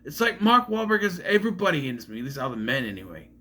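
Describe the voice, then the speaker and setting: A young man chatting through a movie review in a loose, rambling way, often breaking off to correct himself. His voice sits fairly high for a man, with lively rises and falls. The tone is bright and sharp. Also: very fast. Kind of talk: casual film review vlog.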